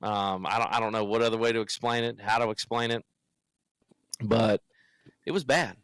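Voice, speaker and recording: A man's voice: fairly low pitch, moderate pace, a bit bright, clean tone, no room sound, poor audio. A young man from the United States, a podcast co-host, tells a story in casual chat and acts out what other people said.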